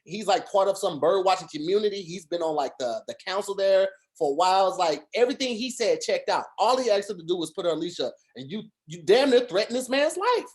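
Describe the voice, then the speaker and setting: A man's voice: high voice, expressive, brisk, few pauses. A man co-hosting a casual podcast chat over a video call, talking earnestly in long rambling runs with restarts and fillers. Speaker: podcast co-host.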